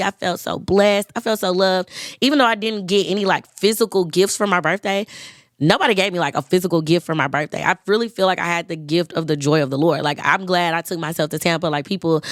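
A woman in her twenties hosting a podcast, chatting casually and lively, talking straight to listeners. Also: fairly low pitch, dry recording, clean studio sound. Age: 20s. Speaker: podcast host. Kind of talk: casual chat.

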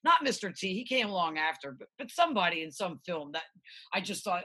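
A middle-aged American woman who makes music speaks briskly in a lowish voice. Her storytelling in this casual interview is animated and rambling, loaded with profanity.

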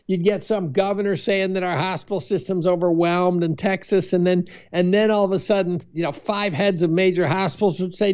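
A man who is a chemistry professor, speaking as a podcast guest in a thoughtful, halting way with frequent restarts. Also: high voice, lively intonation. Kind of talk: interview conversation. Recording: dull lo-fi remote audio.

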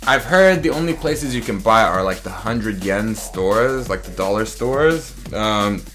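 Relaxed, lower-voiced guest from the USA, casual banter, soft music bed. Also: male voice, unhurried. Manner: laid-back, hesitant, swearing. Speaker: podcast guest. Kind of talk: casual drinking chat.

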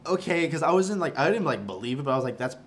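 An excitable young man chats on a podcast, launching into stories and acting out what people said. His voice sits in a middle range, with faint noise in the background. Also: mid-range voice, racing. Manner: excitable storyteller acting out quoted dialogue. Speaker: podcast co-host. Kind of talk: casual chat.

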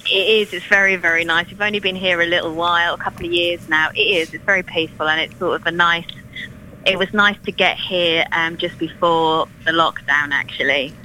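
A woman's voice: lowish voice, steady tone, a little fast, bright, forceful tone, a little hiss or hum, rough recording. A woman in her thirties from Ireland with a London English accent, a folk singer-songwriter chatting as a radio guest with plenty of ums and restarts. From Ireland, raised in East London. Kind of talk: casual radio interview.

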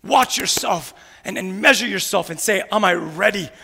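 A man pastor preaching with a very high, bright, cutting voice and a gravelly edge. He fires rhetorical questions at the congregation and drops into mumbled impressions of grumblers. His words ring out with a long echo through a church hall. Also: animated, normal speed, a little hiss or hum. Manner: preachy call-and-response, rhetorical "what?" questions; mocking grumblers in mumbled asides. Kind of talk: energetic sermon. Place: church sanctuary.

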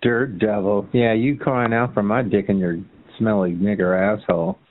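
A man's voice: moderate pace, slight background noise. A man calling into a chat line, trading insults and taunts in a heated argument. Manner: taunting, mocking, swinging into a shrill sneer. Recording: tinny phone line.

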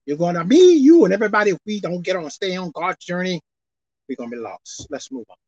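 A woman preaching a sermon in a casual, folksy way, swinging between shouted highs and low murmurs. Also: expressive, quick pace, no echo. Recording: dull lo-fi recording.

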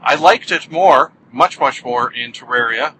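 A man's voice: medium pitch, a little slow, pushed and bright, poor audio. Wry joking man talking in a car. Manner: wry, joking, self-mocking. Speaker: podcast host. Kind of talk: casual solo podcast monologue. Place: in a car while driving. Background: car engine and road hum.

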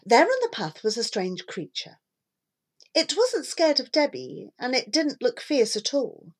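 A woman reads a children's storybook aloud at an unhurried pace, her voice rising and falling a great deal. It sits a little high, and she gives every sentence expressive colour. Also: breathy edge. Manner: expressive, lively read-aloud delivery.

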